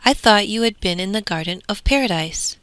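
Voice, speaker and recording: A woman's voice: mid-range voice, animated, fairly quick, fairly bright tone, smooth, no echo, lightly acted. A woman voicing the old mother of the winds, stern and scolding. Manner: scolding, firm.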